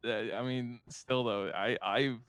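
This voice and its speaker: A man's voice: mid-range voice, fairly even intonation, slow pace, a bit bright, smooth. A young man with a groggy morning voice, chatting in a roleplay game and stammering as he rambles. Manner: stammering, rambling, self-amused. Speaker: roleplay player. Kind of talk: casual roleplay chat.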